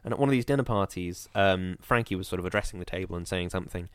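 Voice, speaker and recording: A man's voice: deep voice, quick pace, smooth. A man, chatting casually over a video call and telling a long story with lots of fillers. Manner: rambling, animated storytelling with fillers. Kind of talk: casual chat.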